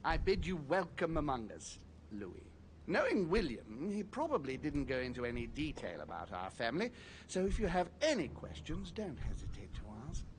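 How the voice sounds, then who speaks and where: A courtly, guarded nobleman welcomes a newcomer in a story game. His formal, measured speech sits a little high and moves with a lively lilt. A faint ambient hum runs behind him. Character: courtly older male nobleman, calm and guarded. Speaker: game character. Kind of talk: video game voice acting.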